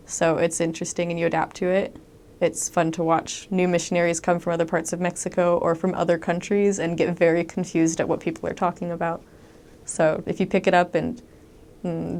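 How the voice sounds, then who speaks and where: A young woman recounts her missionary experiences in a relaxed, conversational way. Her voice sits a little low, and she peppers her talk with ums and lively quoted asides. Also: gravelly. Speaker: returned missionary. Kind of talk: casual storytelling monologue.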